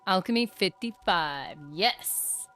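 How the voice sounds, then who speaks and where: A woman streaming a video game live, chatting casually, reading chat aloud and breaking into excited bursts. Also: medium pitch, slow pace, soft background music. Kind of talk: live gameplay commentary.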